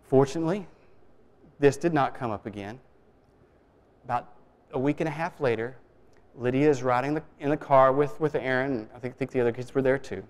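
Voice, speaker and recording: A man preaching a sermon, telling a story in a relaxed, conversational way with many restarts. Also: medium pitch, fairly quick, pauses often. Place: church sanctuary. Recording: long reverb of a church hall.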